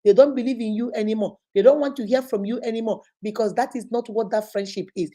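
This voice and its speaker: Warm-voiced Nigerian woman vlogger. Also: on the high side, fast talker. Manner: lively storytelling, acts out other voices, exclaims. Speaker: online influencer host. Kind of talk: casual vlog monologue.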